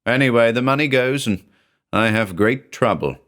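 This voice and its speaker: A man's voice: medium pitch, animated, normal speed, fairly bright tone, voice pushed up, close to an everyday voice. A man voicing an uneasy, wheedling middle-aged landlord who speaks in short, defensive, broken phrases.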